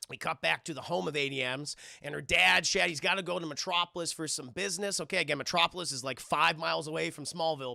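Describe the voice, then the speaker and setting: A young man casually recapping a TV episode for his live stream chat, profane and animated. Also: a little high, gravelly, no echo, clean studio sound.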